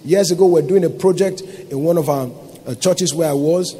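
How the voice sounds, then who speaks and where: A man with a Nigerian accent, a pastor preaching a sermon with call-and-response questions and swelling to shouts. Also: fairly high pitch, fairly quick, husky.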